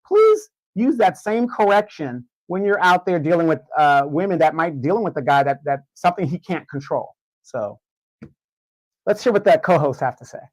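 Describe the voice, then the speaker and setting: Higher-voiced man arguing his point, dry sound. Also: big pitch swings, normal speed, no echo, low-quality recording. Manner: hedging, repeats words, builds an argument. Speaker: co-host. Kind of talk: casual opinion commentary.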